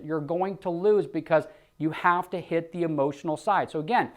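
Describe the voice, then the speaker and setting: A sales trainer with a slightly high voice coaches insurance agents, speaking a little fast with few pauses. He role-plays phone scripts and drives his points home with emphatic exclamations.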